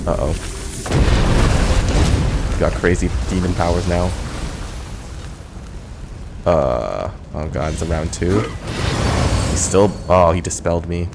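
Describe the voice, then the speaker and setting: A man's voice: low-pitched, slow, long pauses, music in the background. A man casually commenting on a game and reading its text aloud. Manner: relaxed, reads dialogue and narration aloud. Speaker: gamer.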